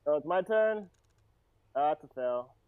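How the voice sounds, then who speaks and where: A man's voice: fairly high pitch, animated, unhurried, a crowd in the background. A man playing a tabletop game, chatting casually and ruefully. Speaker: player. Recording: tinny phone-like sound.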